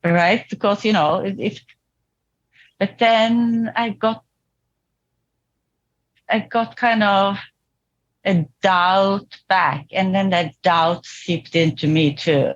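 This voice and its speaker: A woman as a therapy client, talking reflectively and hesitantly with restarts and soft laughs, over a video call. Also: mid-range voice, steady tone, slow pace, long pauses, muffled recording. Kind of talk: therapy session talk.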